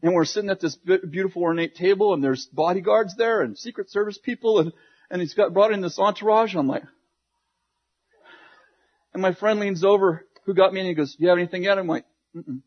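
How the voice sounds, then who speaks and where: Male preacher, husky, slightly high voice, animated storyteller, dull lo-fi sound. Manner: animated, laughing storyteller with quick asides. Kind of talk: sermon storytelling to a congregation.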